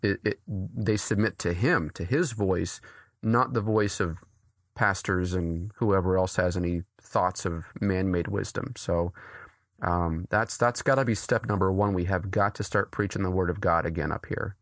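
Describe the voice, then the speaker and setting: A man from New England, an author and pastor, talking earnestly as an interview guest, with quick restarts and frequent laughs. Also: low-pitched, a bit bright, no echo, clean studio sound.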